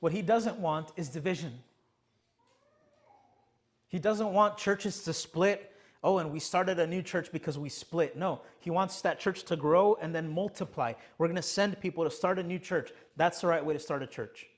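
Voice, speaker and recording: A young male pastor delivers a sermon, his voice sitting a little high. He presses his points repeated rhetorical questions and answers them himself. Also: normal speed. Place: church sanctuary.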